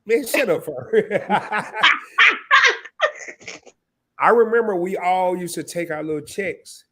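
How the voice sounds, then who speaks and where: Live-stream host, man in his fifties, a bit high-voiced, sniffling, rambling with lots of restarts. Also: slow pace. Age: 50s. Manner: emotional, rambling, stammering with restarts. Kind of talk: casual live stream chat.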